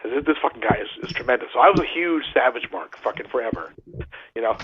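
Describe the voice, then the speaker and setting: A man's voice: medium pitch, expressive, quick pace, husky. A man casually telling wrestling stories, swearing freely and laughing at his own punchlines. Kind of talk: casual storytelling with profanity. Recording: tinny phone line.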